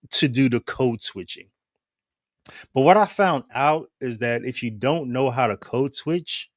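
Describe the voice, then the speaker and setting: A man from Ohio hosting his own show, talking in animated, casual commentary and laughing often. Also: medium pitch, no echo, clean studio sound. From Ohio, United States. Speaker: show host.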